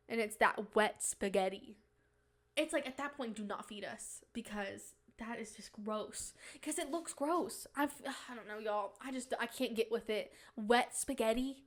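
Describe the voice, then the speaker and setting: Bright-voiced young woman podcast host. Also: on the high side. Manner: animated, rambling with many restarts. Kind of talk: casual chat.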